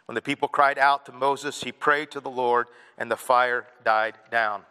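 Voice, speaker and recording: A man preaching a sermon to his congregation, animated and playful, acting out whiny kids and an annoyed parent. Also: mid-range voice, moderate pace, clear, resonant tone. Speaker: pastor. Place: church hall. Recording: reverberant hall.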